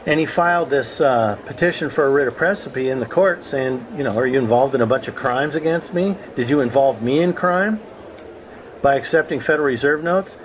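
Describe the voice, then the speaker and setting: A man's voice: mid-range voice, fairly quick, dull audio, slight background noise. A man hosting a conference call, telling a courtroom story in a conversational way and acting out the quotes. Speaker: host of a call about the law.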